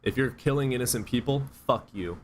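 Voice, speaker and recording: A man's voice: mid-range voice, a little fast, slight background noise. A man hosting a casual livestream chat, blunt and joking, swearing freely. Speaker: livestream host.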